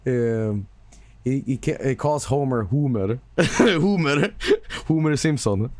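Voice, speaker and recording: A man's voice: medium pitch, measured pace, mellow. A man streaming live and chatting casually with viewers, joking, swearing and sarcastic, with music playing behind him.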